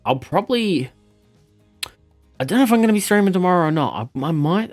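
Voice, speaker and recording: A man streaming a game, chatting casually with viewers, animated and cursing freely. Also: high voice, a little fast, soft background music. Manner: animated, swearing, laughing at the game. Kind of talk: casual live-stream chat.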